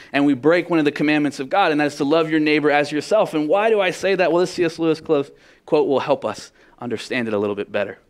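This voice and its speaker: A man preaching a sermon as pastor, emphatic, asking the congregation direct questions, dropping to a hush and building up loud. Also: mid-range voice. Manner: drops to a hushed voice then builds up loud.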